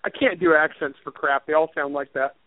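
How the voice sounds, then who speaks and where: A man's voice: on the high side, fairly even intonation, a little fast, dry recording. A man, an author and writing teacher, chatting casually in an interview, rambling and self-deprecating and laughing often. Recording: tinny phone line, dry.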